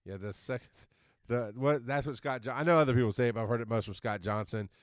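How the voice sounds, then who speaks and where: Middle-aged male co-host, smooth resonant voice, dry close sound, rambling casual chat. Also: mid-range voice, fast talker, dry recording. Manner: rambling, stumbles over words, animated when amused. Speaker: podcast co-host.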